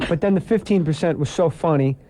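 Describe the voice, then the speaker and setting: Male New Jersey comic guest, high and mellow, joking banter. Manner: fast joking banter, animated. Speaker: comedian guest. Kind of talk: radio talk, storytelling.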